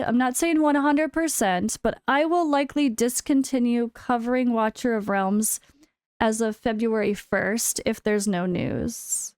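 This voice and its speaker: An American woman with a fairly high, smooth, clear voice chats candidly to camera in a casual vlog. She speaks frankly and drops wry, sarcastic asides. The sound is dry and close, with no room echo. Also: darkish tone. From United States. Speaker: full-time gaming content creator. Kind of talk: casual chat.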